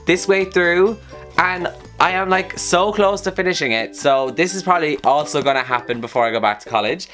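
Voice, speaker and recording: A man's voice: on the high side, fairly quick, faint music behind. Upbeat young man with a sore throat. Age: young adult. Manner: upbeat, chatty, excitable. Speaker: book vlogger. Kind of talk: casual chat to camera.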